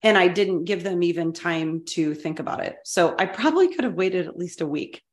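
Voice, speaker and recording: A woman's voice: fairly low pitch, animated, brisk, echoey room. A middle-aged woman co-hosting a podcast, telling a story from her working life in a candid, self-deprecating way. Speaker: podcast co-host, former school superintendent. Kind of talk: casual storytelling interview.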